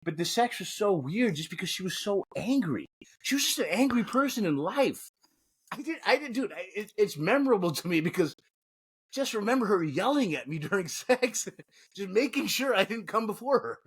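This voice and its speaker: Husky and pitched high, this forty-something man speaks at a moderate pace while co-hosting a podcast. The talk is casual, and he laughs and curses his way through lively, crude stories.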